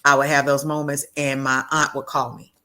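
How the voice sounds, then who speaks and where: A woman telling a heartfelt personal story as a guest, earnest and halting, often restarting and repeating words. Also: a bass voice, flat delivery, sharp tone. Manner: acts out quoted voices of others in her story.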